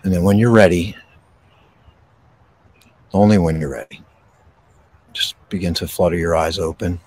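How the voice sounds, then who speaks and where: A man hosting a podcast, guiding a slow, soothing breathing meditation outdoors. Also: low voice, slightly rough. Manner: slow, soothing, calm delivery with pauses. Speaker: podcast host and meditation guide. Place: outdoors in a park. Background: birds.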